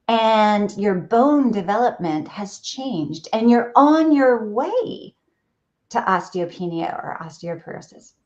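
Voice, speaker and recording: Slow-talking, earnest woman doctor. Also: mid-range voice, darkish tone. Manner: emphatic, explanatory, earnest. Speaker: physician guest. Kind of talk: conversational interview. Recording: dull lo-fi audio.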